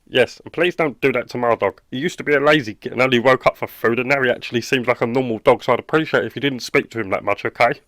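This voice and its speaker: A man's voice: mid-range voice, fast talker, few pauses, a bit bright, no echo, natural voice. A man doing a blunt British dog owner. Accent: British English. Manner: blunt and exasperated. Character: blunt, short-tempered dog-loving man. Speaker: cartoon character. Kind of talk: animated comedy dialogue.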